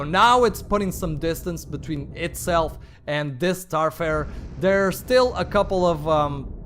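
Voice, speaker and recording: A man's voice: high-pitched, a bit bright, a little hiss or hum. A man casting a game tournament with chatty play-by-play, wandering into playful asides and exclamations. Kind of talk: live play-by-play commentary.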